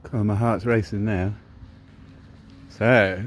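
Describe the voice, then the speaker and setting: A man's voice: low-pitched, normal speed, a little hiss or hum. An Englishman chatting casually as he narrates his own outdoor vlog by a river, speaking into a camera mic. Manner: chatty, laid-back commentary while walking outdoors. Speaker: vlogger filming drone flights. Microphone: camera mic, exposed to wind.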